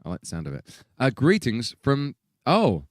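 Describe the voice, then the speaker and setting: A man's voice: mid-range voice, huge pitch swings, moderate pace, no room sound, studio quality. A man hosting a stream, reading donations aloud in giggly casual chat. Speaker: band member hosting a stream.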